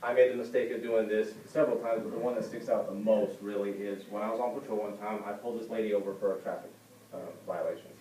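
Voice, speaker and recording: A man speaks casually to a class, mimicking the people in his stories with jumps up in pitch. His voice is dark and mellow. It is caught by a camera at the back of an echoey classroom with faint ambience. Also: steady tone, fast talker, a little hiss or hum. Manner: conversational, acts out quoted people with big pitch jumps. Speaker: student giving a class speech. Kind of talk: informal classroom speech. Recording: roomy classroom heard from a distant camera.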